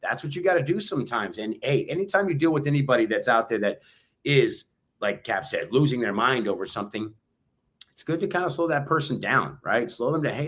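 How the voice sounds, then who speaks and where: A man's voice: medium pitch, a bit bright. A man co-hosting a motivational podcast, talking emphatically and repeating his points like a pep talk. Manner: emphatic, preachy, repeats phrases. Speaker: podcast co-host.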